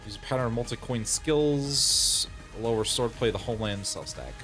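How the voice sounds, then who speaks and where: A man's voice: mid-range voice, moderate pace, a bit bright, faint music behind. A man streaming a game, chatting casually, laughing often and reading game text aloud. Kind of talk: casual gaming stream commentary.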